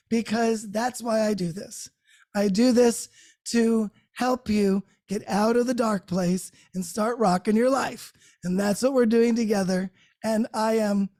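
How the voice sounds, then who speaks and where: A woman's voice: fairly high pitch, mellow. A woman hosting a live group call from her home, talking in an effusive, unscripted way, laughing often and restarting her words. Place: her own home, great room by a Christmas tree.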